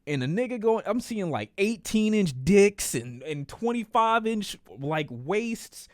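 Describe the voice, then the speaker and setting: Animated high-voiced man telling a story. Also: unhurried, no room sound, studio quality. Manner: animated, profane, acts out quoted voices. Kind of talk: casual livestream storytime.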